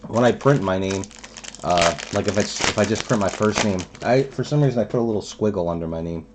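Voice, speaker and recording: A man's voice: fairly low pitch, fast talker, background noise. A man hosting a trading card box break, chatting casually and musing aloud as he opens packs. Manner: chatty, musing asides while opening packs.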